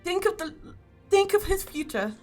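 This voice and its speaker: A woman's voice: high-pitched, steady tone, normal speed, faint music behind, pitched above the performer's own voice. Woman doing a tearful, pleading mother. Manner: soft, breathy, pleading. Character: pleading mother, desperate and tearful, turned ant.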